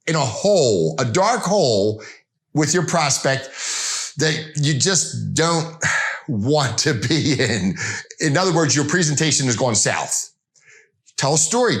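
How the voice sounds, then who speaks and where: A man's voice: medium pitch, fairly bright tone. A middle-aged man giving an informal sales training talk, conversational and rambling, with frequent restarts.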